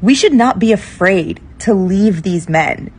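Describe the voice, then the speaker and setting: A woman's voice: mid-range voice, animated, unhurried, darkish tone, breathy edge. A woman in a played clip, giving blunt, emphatic advice and repeating lines for stress. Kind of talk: casual advice monologue.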